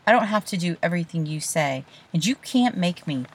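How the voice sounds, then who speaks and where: A woman voicing a frightened, stubborn nine-year-old boy who sometimes speaks in a hushed whisper. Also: lowish voice, expressive, a little fast, background noise.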